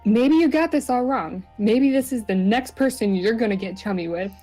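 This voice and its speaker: A woman's voice: fairly high pitch, moderate pace, mellow, faint music behind. Woman host reading game text aloud, giggly and rambling, casual. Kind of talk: casual gaming chat with narration.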